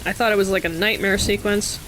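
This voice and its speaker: A woman's voice: medium pitch, steady tone, a little fast, a bit bright, a little hiss or hum. A woman commenting on a video game, making joking, sarcastic asides. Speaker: let's play streamer.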